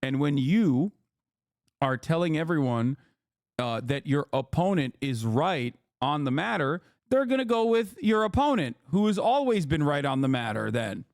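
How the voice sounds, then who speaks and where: A man's voice: a little high, big pitch swings, normal speed, no room sound, studio quality. A man streaming from his living room, giving profane, exasperated political commentary. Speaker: Twitch streamer.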